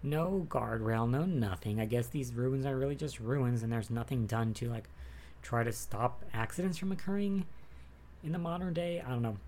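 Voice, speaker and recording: A man's voice: mid-range voice, moderate pace, a little mellow, slight background noise. Chatty man rambling through a recap. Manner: chatty, rambling with many fillers and asides. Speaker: recap vlogger. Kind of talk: casual episode recap.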